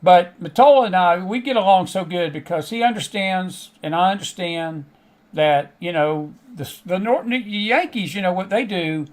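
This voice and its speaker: Folksy Southern man with a raised pitch. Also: moderate pace. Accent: Southern American. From American South. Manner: folksy, chatty, frequent laughs and asides. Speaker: host. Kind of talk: casual monologue to a live online audience.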